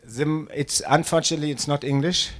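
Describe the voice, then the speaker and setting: A man's voice: on the high side, steady tone, quick pace, fairly bright tone. A man in his sixties from Germany with a German accent, speaking English at a live public talk as a space agency director, with many fillers and restarts. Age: 60s. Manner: hesitant, many fillers, self-deprecating.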